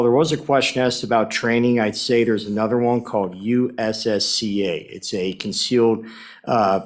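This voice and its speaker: Low-pitched male witness, relaxed and conversational at a committee hearing. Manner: casual, loose phrasing with fillers. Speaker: witness testifying to a legislative committee. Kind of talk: informal public testimony. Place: legislative hearing room.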